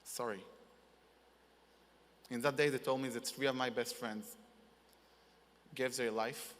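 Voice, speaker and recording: A man's voice: medium pitch, steady tone, fairly bright tone. Earnest young man in a reverberant hall. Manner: halting, earnest, in non-native English. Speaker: award recipient, wounded soldier. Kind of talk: emotional personal testimony speech. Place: large conference hall.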